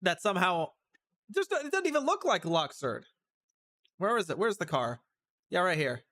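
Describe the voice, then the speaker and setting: A male streamer giving chatty, animated commentary on a game, with sudden outbursts. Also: sits high, normal speed. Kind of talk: casual let's-play commentary.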